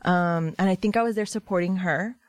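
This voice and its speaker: A woman guest on a casual podcast, talking in a relaxed, rambling way with lots of fillers. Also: on the low side, brisk, no room sound. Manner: relaxed, rambling, many fillers, laughs easily.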